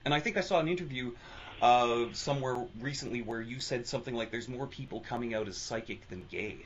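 A man's voice: medium pitch, a little fast, slight background noise. A man hosting an interview as an astrologer, asking thoughtful questions. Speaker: host, astrologer. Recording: dull lo-fi audio.

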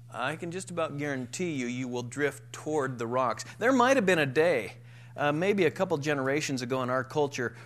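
A man's voice: mid-range voice, fairly bright tone. Man preaching an emphatic sermon. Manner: emphatic preaching, reading scripture aloud with rising force. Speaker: pastor. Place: church.

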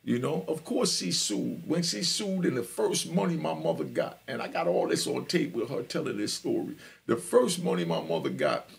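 A man's voice: fairly high pitch, very animated, normal speed, gravelly, hardly any pauses. A man from Jamaica, hosting a live podcast and telling his life story in a street-talk style, often checking that listeners understand. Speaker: podcast host.

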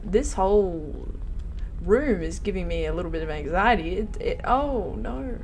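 A woman hosting a let's play video, commenting on her game in an excitable, panicky way with repeated exclamations. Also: on the low side, a little slow, background noise. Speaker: gameplay host.

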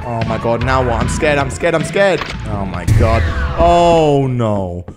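A man's voice: medium pitch, animated, a little slow. A man hosting a gaming video, commenting in a frantic, panicky way and swearing at the game as he plays. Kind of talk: let's play commentary. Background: game music.

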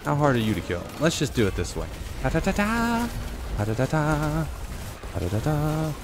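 A game streamer talks casually and fast over music as he comments live on his own gameplay. He speaks to himself and his viewers, jumping into high, excited yelps.

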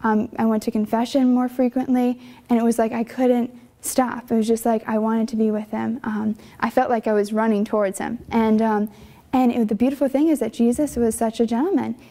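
A young religious sister recounts her calling, earnest and emotional, stumbling through little fillers as she goes. Her voice sits a bit high yet sounds mellow, with a gravelly edge. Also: little pitch movement, fairly quick. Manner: earnest, conversational, many fillers; emotional storytelling. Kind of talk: personal vocation testimony.

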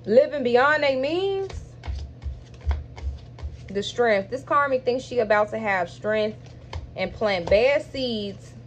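A tarot reader with a fairly high voice delivers a spiritual reading, speaking emphatically and directly to viewers. She draws out key words between quicker asides, over slight hiss or hum.

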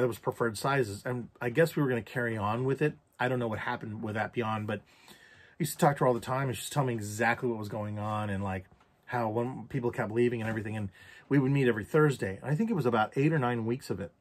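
Guy with an average-pitched voice telling a personal story, reflective, swears a lot. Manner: candid, reflective, swears freely. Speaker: vlogger.

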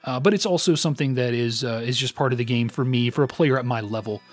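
A man's voice: medium pitch, quick pace, faint music behind. A man hosting a let's play, commenting on his own gameplay in a rambling, self-deprecating way with lots of fillers.

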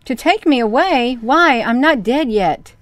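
A woman's voice: high voice, expressive, unhurried, dry recording, voice pushed up. A woman voicing a whining, stubborn wooden puppet boy in a storybook reading. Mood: frightened. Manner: whining, wailing protests.

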